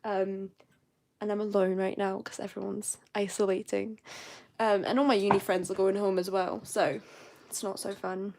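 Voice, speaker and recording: A woman's voice: medium pitch, level tone, normal speed, background noise. Chatty young woman, posh southern English. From southern England. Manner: chatty, rambling. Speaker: live-stream host. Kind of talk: casual live-stream chat.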